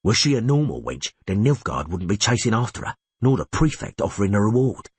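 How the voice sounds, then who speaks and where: A man's voice: lowish voice, very animated, a little fast, slightly rough, dry recording. Man doing a snarling, greedy trapper. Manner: snarling, shouting. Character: surly male trapper, greedy and bad-tempered.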